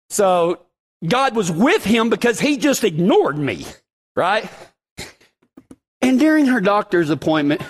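Animated high-voiced preacher with drawl. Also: male voice. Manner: animated storyteller, chatty and self-deprecating. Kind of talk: casual sermon with personal stories.

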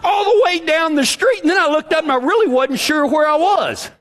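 A man's voice: very high voice, expressive, a little fast, fairly bright tone. A middle-aged man preaching a casual sermon, telling personal stories in a chatty, self-deprecating way.

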